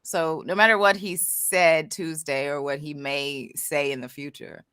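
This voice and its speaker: A woman's voice: low-pitched, flat delivery, measured pace, a bit bright, clear, resonant tone, no echo, clean studio sound. A woman co-hosting a casual podcast, talking candidly and reflectively with frequent restarts. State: emotional after crying. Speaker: co-host.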